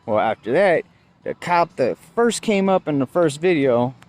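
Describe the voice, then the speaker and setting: A man's voice: big pitch swings, measured pace, a little mellow. Profane, agitated man retelling a confrontation. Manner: profane, agitated storytelling, voice jumps high when quoting himself. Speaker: vlogger. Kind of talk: casual spoken recap.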